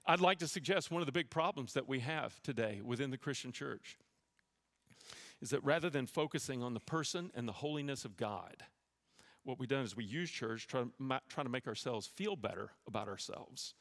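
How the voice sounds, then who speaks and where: A man's voice: medium pitch, expressive, normal speed, a bit bright. A man preaching a sermon as pastor, conversational with humorous asides. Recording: long hall reverb.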